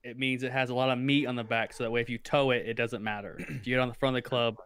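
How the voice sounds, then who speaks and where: A man's voice: medium pitch, steady tone, racing, a bit bright, smooth, no room sound. A man hosting a podcast, asking questions and explaining things plainly. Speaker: podcast host. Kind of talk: casual interview chat.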